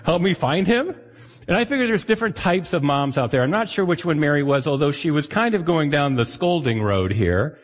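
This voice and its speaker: A man's voice: a little high, expressive, brisk, few pauses, in a large hall. A man preaching a sermon as pastor, in a conversational way, acting out the voices he quotes.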